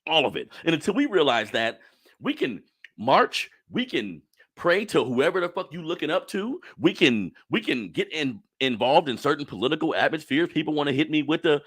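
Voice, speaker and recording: A man's voice: on the high side, sing-song, moderate pace, fairly bright tone, breathy edge. Fired-up man with a swinging voice. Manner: blunt and profane, preaching to listeners as family. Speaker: podcast host. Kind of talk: impassioned monologue.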